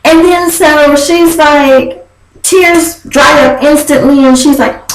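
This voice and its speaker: Young woman vlogger, sassy casual chat, high animated voice. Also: very slow, reverberant, background noise. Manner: sassy, chatty, animated with laughs and quoted voices. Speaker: vlogger recapping a reality show. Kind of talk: casual gossip recap.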